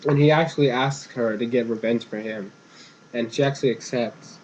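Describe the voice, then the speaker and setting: A man's voice: mid-range voice, moderate pace, a little mellow, slight background noise. A young man giving a casual, meandering spoken recap of a cartoon episode as a reviewer. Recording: dull lo-fi home recording.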